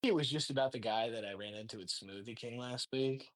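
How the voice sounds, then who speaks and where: A man, a stand-up comedian guest, telling an animated story with laughs and acted-out quotes. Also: mid-range voice, a little fast. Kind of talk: casual storytelling.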